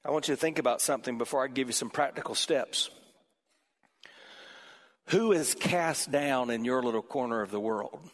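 A man preaching a sermon in a church auditorium, animated, swinging between loud emphasis and quiet passages. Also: medium pitch, moderate pace, long pauses. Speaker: pastor. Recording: long reverb from a large hall.

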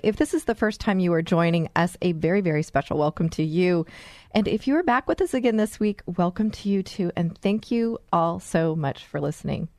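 An earnest, encouraging woman hosts a radio talk show, with a low voice. The sound is dry and close, with no room echo. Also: expressive, a little fast, faint music behind.

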